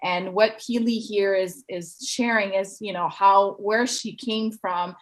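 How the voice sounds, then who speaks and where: A woman's voice: medium pitch, fairly even intonation, slow pace, rough recording. A woman hosting a live-stream show, bubbly and effusive, greeting viewers and reading their comments aloud. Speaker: host.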